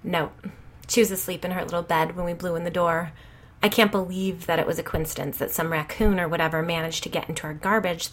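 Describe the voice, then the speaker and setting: A woman's voice: fairly low pitch, fairly bright tone. A woman reading the part of a brash, foul-mouthed suburban mother who gossips bluntly. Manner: blunt, swearing, rapid gossipy.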